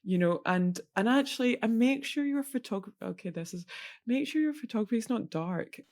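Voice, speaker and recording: A woman co-hosting a podcast in casual industry chat, animated and full of restarts and asides. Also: on the high side, moderate pace. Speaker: podcast co-host.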